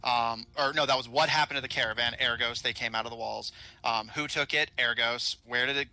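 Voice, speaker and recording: Bright-voiced man narrating as game master. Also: medium pitch, fairly even intonation, fairly quick, no room sound. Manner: rambling narration full of ums and uhs.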